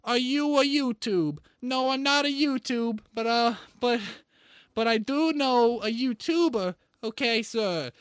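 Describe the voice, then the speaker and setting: A man's voice: extremely high pitch, unhurried, clear, resonant tone, no echo, studio quality. A man playing a boastful, rambling male Italian chef in a put-on Italian-American accent, chatting on video call. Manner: rambles through food lists, pleased with himself. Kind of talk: comedic character improv on video chat.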